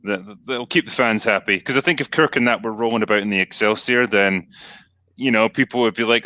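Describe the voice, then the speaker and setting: This is a Scottish man with a fairly low, bright, forceful voice, hosting a casual podcast chat. He talks bluntly and swears freely, rambling through his points. The sound is dry and close. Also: a little fast, no room sound. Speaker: podcast host. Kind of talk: casual film discussion.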